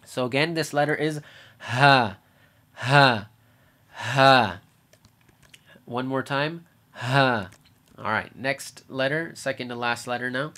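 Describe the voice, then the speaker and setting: A man's voice: medium pitch, normal speed, hardly any pauses, bright, forceful tone. A man giving a casual pronunciation lesson, patiently explaining and demonstrating sounds in an exaggerated way. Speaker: teacher.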